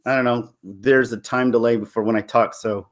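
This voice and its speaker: This Toronto man hosts a live stream and talks loosely to his viewers, wandering between topics, laughing often and starting sentences over. He has a medium-pitched voice with fairly even intonation and a moderate pace.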